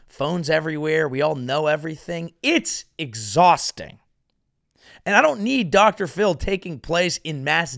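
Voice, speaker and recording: A man from California delivering a rambling, sarcastic comedic monologue as host, veering from mumbled asides to loud outbursts. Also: fairly high pitch, gravelly, no room sound, clean studio sound.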